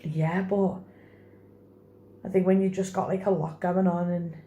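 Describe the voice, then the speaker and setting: A woman's voice: on the low side, level tone, a little slow, dark tone, muffled recording. A young woman, talking to her phone camera in a personal vlog, rambling with many fillers and crying while she laughs. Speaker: vlogger.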